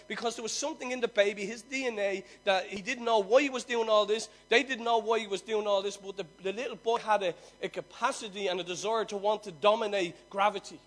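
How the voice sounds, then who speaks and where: A man preaches through a long parable in a high voice. He punches some points loudly and lets others drop almost to a hush. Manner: swings from loud emphasis to near-hushed telling. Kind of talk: sermon storytelling.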